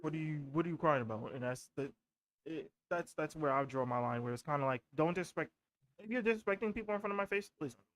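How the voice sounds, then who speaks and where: A man's voice: fairly high pitch, quick pace, fairly bright tone, poor audio. A young man co-hosting a podcast, telling a story in loose casual chat and acting out what people said. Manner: loose storytelling, acts out quotes. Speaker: podcast co-host.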